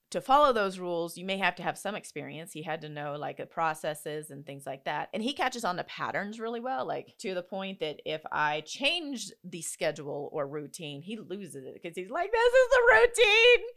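Chatty mom explaining child behavior. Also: female voice, mid-range voice. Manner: chatty and animated, acts out her kids with loud quotes. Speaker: podcast host. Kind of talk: casual teaching talk.

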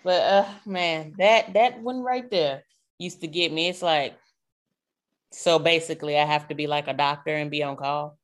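Woman, podcast host, casual chat, low voice. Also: normal speed.

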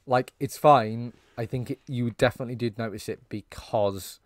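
A man's voice: mid-range voice, normal speed, no echo. A man co-hosting a casual film review podcast, speaking in an easygoing, rambling way and laughing often. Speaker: podcast co-host.

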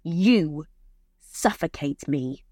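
A woman's voice: low-pitched, expressive, very slow, warm tone, dry recording, studio quality, heavily acted. A woman narrator voicing a cold, dismissive man who speaks in curt, clipped lines.

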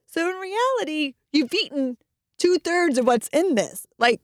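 Woman, casual podcast co-host, lively parenting anecdotes, dry close mic. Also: high voice, unhurried, dry recording. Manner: animated storytelling, acting out her kids' voices. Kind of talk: casual chat.

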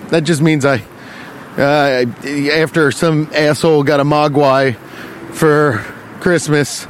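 A man hosting a comedy podcast, rambling through an improvised, profane, deadpan bit while walking along a street. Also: mid-range voice. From Cincinnati, US. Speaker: podcast host. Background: faint traffic.

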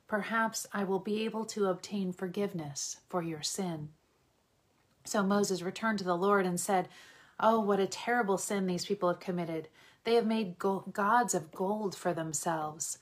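A woman reading a scripture passage aloud in a steady, measured way, lightly voicing the quoted speech. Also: medium pitch. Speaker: Bible reader.

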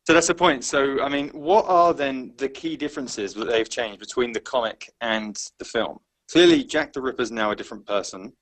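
A man hosts a casual film podcast, steering the talk with questions to his co-hosts. His voice has an ordinary pitch and an easy, conversational manner. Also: normal speed, few pauses, fairly bright tone, poor audio. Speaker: podcast host. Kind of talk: leading a casual film discussion.

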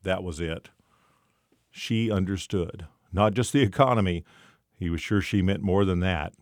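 A man narrating a short story in a measured storytelling manner. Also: low voice, darkish tone, no room sound, studio quality.

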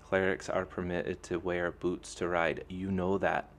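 A man's voice: low voice, flat delivery, measured pace, a little hiss or hum. A man reading a novel aloud, voicing an easygoing, confident young man who speaks in a casual, matter-of-fact way.

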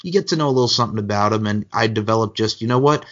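A low-voiced man talks fast and freely, the way a wrestling podcast guest does. He piles one story onto the next with plenty of energy. The sound is muffled and lo-fi. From Long Island, New York. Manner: energetic, talkative, with bursts of promo bravado. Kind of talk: casual interview chat.

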